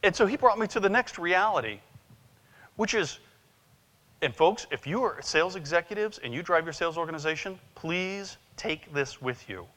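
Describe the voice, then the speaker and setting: Bright-voiced man giving a keynote. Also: sits high, normal speed. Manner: animated, joking storytelling. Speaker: sales trainer and conference speaker. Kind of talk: conference keynote talk. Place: conference hall. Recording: long reverb of a conference hall.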